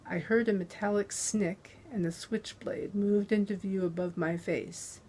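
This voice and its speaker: Woman author, slow and deliberate reading of her crime novel, close on a dynamic mic. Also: mid-range voice, fairly even intonation, a little mellow, husky. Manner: measured, deliberate narration. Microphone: close handheld dynamic USB mic.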